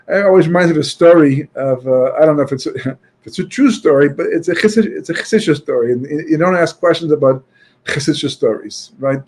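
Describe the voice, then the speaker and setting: Male Torah speaker, husky tone, higher pitch, rambling storyteller with Yiddish and Hebrew asides. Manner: chatty, frequent "you know" and restarts, peppered with Yiddish and Hebrew terms; grows loud and emphatic when arguing a point. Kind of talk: storytelling talk.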